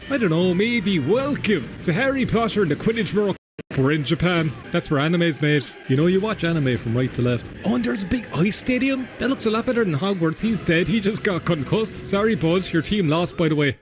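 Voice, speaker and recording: A man's voice: fairly high pitch, lively intonation, fairly quick, few pauses. A man with an Irish accent, commenting casually and sarcastically while playing a video game, with plenty of swearing. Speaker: game streamer. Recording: noisy background.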